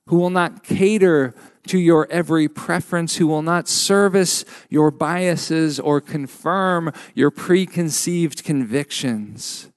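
A man preaching a sermon as a pastor, measured and emphatic with frequent pauses. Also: on the high side, a little mellow, no echo, studio quality.

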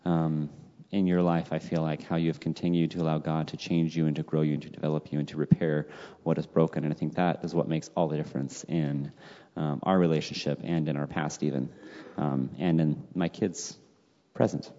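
A young man with a very deep voice talks in an earnest, grateful way in a relaxed conversation. The recording is dull, with long reverb trailing behind him. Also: brisk. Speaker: adult son and podcast guest. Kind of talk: casual conversation.

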